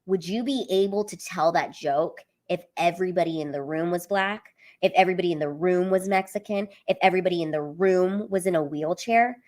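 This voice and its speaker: A woman's voice: lowish voice, a little fast, darkish tone. Woman comedian, casual live stream chat, talkative, lots of "like" and "um". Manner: chatty, many fillers, reads viewer comments aloud.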